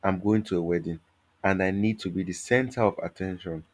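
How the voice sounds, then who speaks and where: A playful, self-assured woman in her thirties at the salon, as a male narrator reads her. The voice stays very low, an easygoing storybook reading rather than a put-on woman's voice. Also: a little fast, natural voice.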